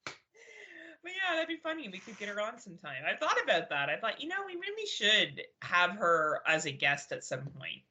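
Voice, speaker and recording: Woman, podcast co-host, casual chat, giggly, swears a lot, lively pitch. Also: brisk, hardly any pauses. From Canada. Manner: laughing, swearing, rambling banter.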